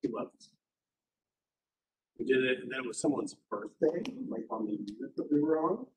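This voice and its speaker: A man, a university professor, telling stories in a casual classroom lecture, acting out the people in them in quick put-on voices. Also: medium pitch, lively intonation, background noise.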